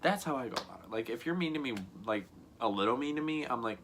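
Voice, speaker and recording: A man's voice: mid-range voice, expressive, moderate pace, a bit bright, a little hiss or hum. A young man telling a casual storytime vlog to camera, rambling and earnest, full of "like" and "you know what I mean". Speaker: YouTuber.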